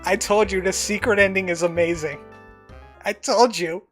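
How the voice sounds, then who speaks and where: A woman streaming a video game, commenting in a playful, animated way. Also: medium pitch, normal speed, faint music behind.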